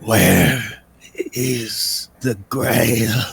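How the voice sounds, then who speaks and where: Man putting on a slow, menacing coffin creature. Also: medium pitch, gravelly, a bit bright, slightly rough, no room sound, exaggerated voice. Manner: slow, drawn-out, halting menace. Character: ancient creature sealed in a military coffin, male, menacing.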